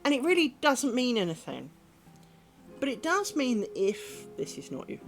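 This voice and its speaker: A woman's voice: on the high side, very animated, normal speed, soft background music. A woman streaming her lace-making, chatting casually and rambling, with the odd swear word. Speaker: craft streamer.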